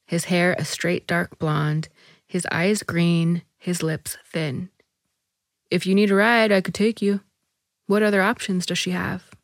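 A woman reading a short story aloud as narrator, measured and even. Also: lowish voice, no room sound, clean studio sound.

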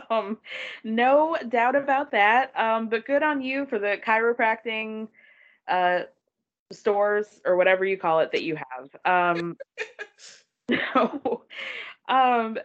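Her voice leans high, and she talks slowly with frequent pauses, captured in lo-fi audio. As a podcast co-host recapping a reality show, she stays lively, mimicking people's voices and laughing a lot.

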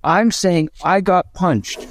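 A stand-up comedian chats casually on a podcast, rambling in an animated way and restarting his sentences frequently. His voice is high-pitched and his pace slow.

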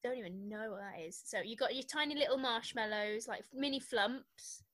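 A woman's voice: on the high side, normal speed, fairly bright tone. A woman in her twenties co-hosting a casual podcast, teasing and dry, with sarcastic asides. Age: 20s. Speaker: podcast co-host. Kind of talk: casual chat.

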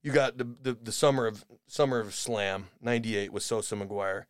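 A man hosting a podcast in a rambling, sarcastic comedic rant, dropping to mutters and rising to shouts. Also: on the low side, normal speed, clean tone, dry recording, clean studio sound. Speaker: podcast host.

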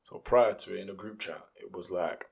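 A man, a podcast guest telling a story in casual, slangy, animated speech. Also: low-pitched, moderate pace, gravelly, breathy edge.

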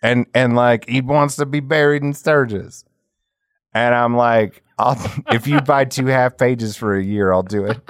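A man's voice: medium pitch, fairly even intonation, clean tone, no echo, clean studio sound. A man co-hosting a podcast in casual chat, swearing freely and laughing through his stories. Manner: profane, laughing storyteller; does quick impressions of people in his stories. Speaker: podcast co-host.

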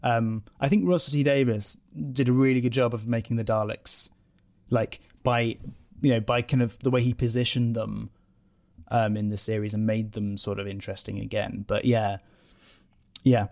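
A man's voice: medium pitch, little pitch movement, normal speed, creaky, a little mellow. Rambling male podcast co-host. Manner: rambling, many restarts and self-corrections. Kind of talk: casual chat.

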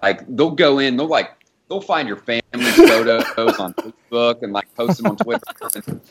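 A man co-hosting a casual sports podcast, rambling and animated as he talks, swearing and laughing along the way. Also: mid-range voice, moderate pace, heavy background noise. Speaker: podcast co-host.

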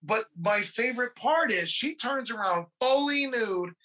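A podcast host retelling a movie scene by scene in a casual, swearing, animated way. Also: mid-range voice, measured pace. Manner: profane, animated storytelling.

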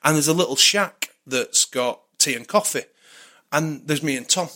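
A man with a British accent, a podcast guest telling a casual anecdote in a lively, chatty way and sometimes swearing. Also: a little high, moderate pace. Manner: animated storyteller, acts out quoted dialogue, swears casually.

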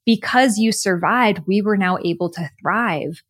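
A woman from the United States, a podcast guest sharing her story in an earnest, animated, spiritual-motivational way. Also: mid-range voice, measured pace, slightly rough, no room sound, clean studio sound. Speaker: podcast guest, author and coach. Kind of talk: reflective conversational storytelling.

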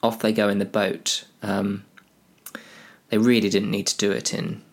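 A man's voice: fairly low pitch, level tone, measured pace, husky. Male storyteller, rambling and self-mocking, lots of ums. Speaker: comedic storyteller. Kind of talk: rambling comic plot retelling.

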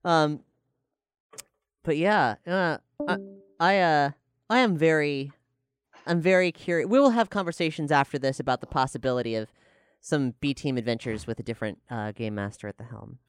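Smooth, rambling game master host. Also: mid-range voice, normal speed. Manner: rambling, self-interrupting, swears freely. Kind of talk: casual podcast chat.

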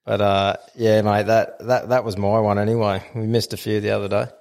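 A man's voice: on the low side, flat delivery, brisk, creaky, darkish tone. An Australian man spinning a laid-back, blokey yarn on a podcast, swearing freely as he talks. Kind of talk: casual podcast storytelling.

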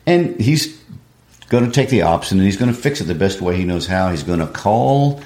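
A man's voice: sits low, animated, moderate pace, darkish tone. A man, a literature teacher, discussing a play in a laid-back, affirming way. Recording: echoey room.

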